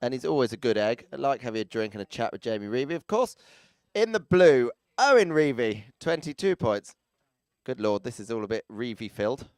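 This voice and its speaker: A man's voice: mid-range voice, big pitch swings, fairly quick, smooth, no room sound, clean studio sound. Chatty man announcing arena riders. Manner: chatty, teasing, jokey asides to people around the arena. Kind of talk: live event commentary.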